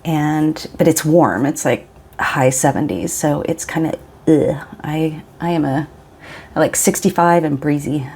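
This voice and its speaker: A forties-aged vlogger from the Pacific Northwest of the US chats casually while swatching inks, her low, slightly slow, somewhat mellow voice rambling and cutting herself off now and then. A faint hiss or hum runs under the recording.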